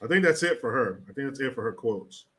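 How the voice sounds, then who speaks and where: A man's voice: mid-range voice, animated, fast. A man hosting a casual political commentary livestream, sarcastic and blunt, swearing freely.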